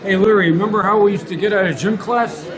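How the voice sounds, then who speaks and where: A man's voice: sits high, fast. A man casually telling an old school story to a classmate at a crowded party. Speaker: former classmate. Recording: crowd noise behind.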